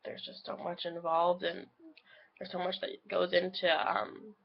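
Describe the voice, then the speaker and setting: A woman's voice: lowish voice, flat delivery, a little slow, vocal fry, slightly rough, muffled recording. A young woman, a student, talking through a casual video log with a sick voice, hesitant and full of ums. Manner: hesitant, many ums, soft trailing phrases.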